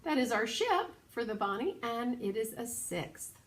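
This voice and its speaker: A woman teaching a children's piano lesson, patient and clear, now and then singing solfege syllables. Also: on the high side, very animated, a little slow. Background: piano playing.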